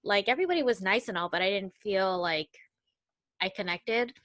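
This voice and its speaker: A woman's voice: mid-range voice, animated, moderate pace, a bit bright, dry recording. A young woman co-hosting a podcast, recalling her past in a hesitant, reflective way. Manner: reflective, hesitant, many fillers. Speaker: podcast co-host. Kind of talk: casual chat.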